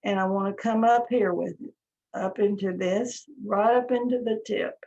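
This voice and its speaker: A woman teaching a live painting class, talking gently step by step as she works. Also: mid-range voice, steady tone. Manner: slow, gentle step-by-step instruction. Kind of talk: live online painting lesson. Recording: dull lo-fi stream audio.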